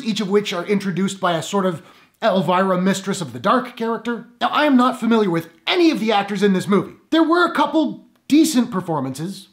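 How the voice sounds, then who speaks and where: A film reviewer giving a spoken movie review with a sarcastic, wry delivery. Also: medium pitch.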